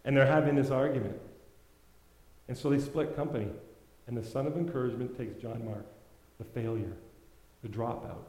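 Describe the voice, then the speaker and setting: A male preacher delivering a sermon with a mellow, darker tone. He tells stories with voices for each character and builds from soft asides to loud pleas. The sound carries a roomy echo. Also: mid-range voice, moderate pace, pauses often. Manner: storytelling, acts out voices, swings from quiet to loud exhortation.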